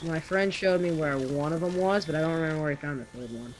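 A young man chatting and planning out loud while playing a co-op game. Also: a little high, fast talker. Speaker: gamer. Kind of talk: let's play commentary. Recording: game noise behind voice.

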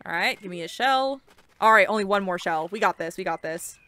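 A young woman giving casual, excitable let's-play commentary while playing a game, chatty and swearing casually. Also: on the low side, quick pace, dry recording. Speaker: gaming video creator.

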